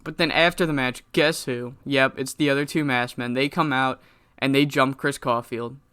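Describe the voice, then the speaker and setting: A man's voice: mid-range voice, fairly even intonation, moderate pace, bright, forceful tone, smooth. Rambling, profane man narrating a game. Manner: rambling, profane, self-correcting. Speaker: game commentator. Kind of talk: casual video game commentary.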